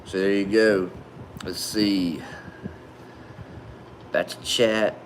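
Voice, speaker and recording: A man's voice: on the low side, steady tone, drawn-out words, a little hiss or hum. A man hosting a casual livestream, reading viewer comments aloud in a laid-back, friendly way and calling people man and brother. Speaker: livestream host.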